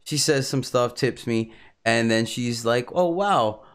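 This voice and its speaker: A man's voice: mid-range voice, little pitch movement, unhurried, smooth. A man from Miami, chatting casually as a podcast co-host, telling stories wryly and chuckling often. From Miami, Florida. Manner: wry storyteller, chuckles often. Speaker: podcast co-host and club dancer. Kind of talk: casual chat.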